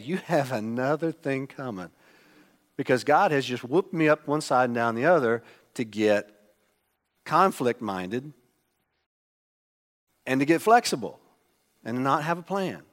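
A man preaching a sermon, emphatic, swinging between loud exclamations and hushed asides. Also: mid-range voice. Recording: long hall reverb.

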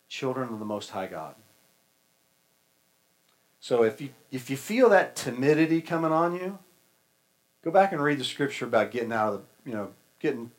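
A man's voice: mid-range voice, rough recording. A male preacher giving a sermon in a folksy, conversational and humorous way.

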